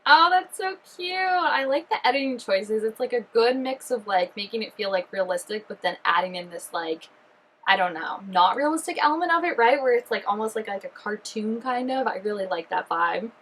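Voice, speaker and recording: A woman chatting excitedly through a reaction video, full of fillers and giggly asides. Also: on the high side, normal speed, low-quality recording. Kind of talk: casual reaction commentary.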